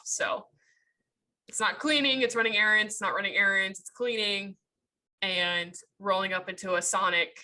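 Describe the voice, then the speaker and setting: A woman with a bright, forceful voice chats as a podcast co-host. She is animated and joking and laughs often. Her pitch sits in the middle range. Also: rough recording. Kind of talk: casual chat.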